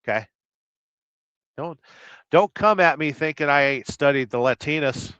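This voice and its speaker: A man's voice: a little high, unhurried, fairly bright tone, smooth, no echo. A middle-aged man from Southern California who drives a truck and rambles crudely through viewer comments in a casual live stream, humming nonsense syllables between them. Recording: slightly dull lo-fi sound.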